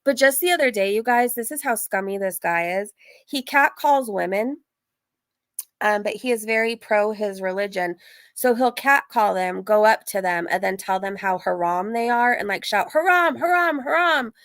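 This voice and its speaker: A woman's voice: mid-range voice, normal speed, no echo. Chatty woman live-streaming in a dry room. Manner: chatty, animated, frequent laughs and "like" fillers. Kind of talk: casual chat.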